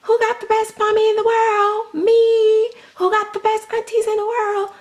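Woman doing toddler girl, squeaky, very high, sing-song, proud. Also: monotone, normal speed. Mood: boastful. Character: chirpy little toddler girl, doll's voice.

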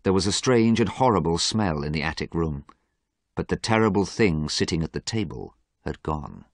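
A man's voice: low voice, sing-song, normal speed, dry recording. A man narrating a graded story for English learners, reading expressively.

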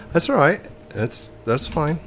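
Pitched a little high and gravelly, a stuffy-nosed man commentates his let's play in a put-on English accent. He hesitates with ums and keeps correcting himself, over a slight hiss or hum.

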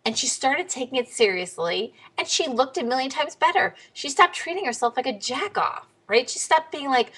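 A young adult woman talking straight to the camera in a casual video diary, blunt and animated, jumping her pitch up high when she quotes people. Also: moderate pace, hardly any pauses, husky. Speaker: vlogger.

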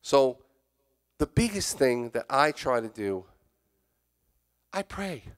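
A man's voice: mid-range voice, big pitch swings, slow pace. A man, a church elder, preaching a candid, confessional sermon that moves between spoken prayer and emphatic exhortation. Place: church sanctuary.

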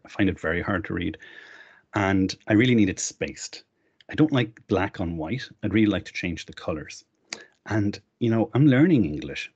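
Presenter, middle-aged man, deep voice with gravelly fry, casual demo talk, dull lo-fi stream audio. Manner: conversational, explains while clicking through. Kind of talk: live online tech demo.

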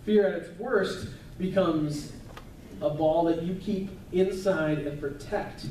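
Male pastor, chatty sermon delivery, warm low-bright tone, roomy distant church sound. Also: slow pace, slight background noise. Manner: conversational, chatty preaching with asides. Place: church sanctuary. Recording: echoey church hall, mic at a distance.

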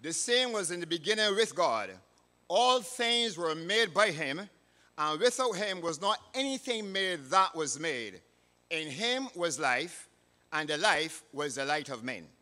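A man with a Barbadian accent, a church elder, preaching a sermon in a measured, emphatic way. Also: a little high, very animated, sharp tone. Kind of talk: sermon with a read-aloud story. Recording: reverberant hall.

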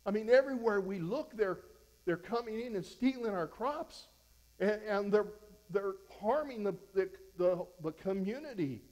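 A male pastor preaching verse by verse in a noticeably high voice. He talks conversationally, restarting phrases, then presses his point with fervent exhortation. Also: animated, moderate pace, a little mellow, rough recording. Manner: fervent, exhorting, voice rises when fired up. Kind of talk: verse-by-verse sermon.

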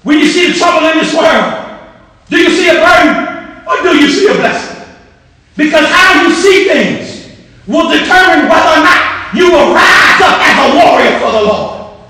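A man preaching a fervent sermon with repeated rising phrases, shouting out his lines in a large church hall. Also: very high voice, lively intonation, moderate pace. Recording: echoey hall, voice from far off.

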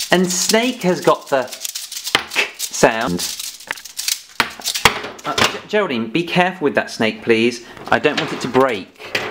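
A man leads a children's phonics lesson with a lively, swooping voice. He talks slowly and patiently, mixing playful scolding with praise. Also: medium pitch, noisy background. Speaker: phonics teacher.

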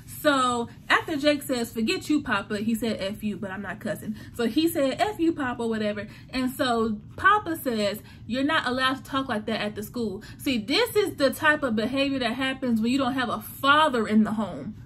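A woman's voice: fairly high pitch, expressive, normal speed, few pauses, a bit bright, a little hiss or hum. A woman hosting a casual TV recap, talking animatedly and acting out the characters' lines. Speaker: TV recap host.

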